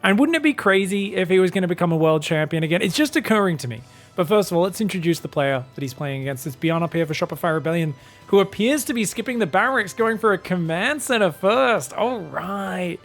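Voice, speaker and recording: A man's voice: high-pitched, lively intonation, brisk, fairly bright tone, faint music behind. A man with a British accent casting a competitive video game, chatty and prone to rambling tangents. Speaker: esports caster. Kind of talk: casual game commentary.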